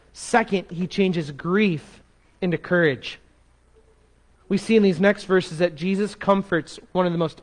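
A man preaching a sermon as pastor, expressive, dropping to a soft slow voice to make a point. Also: sits high.

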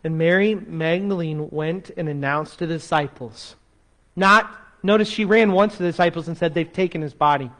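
A man preaching a sermon as pastor, expressive, dropping to a soft slow voice to make a point. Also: on the high side.

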